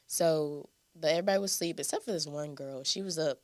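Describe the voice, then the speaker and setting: Low-voiced young woman telling a story. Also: fast. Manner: animated, conversational, addresses listeners as "y'all". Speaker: podcast host. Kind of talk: casual testimony storytelling.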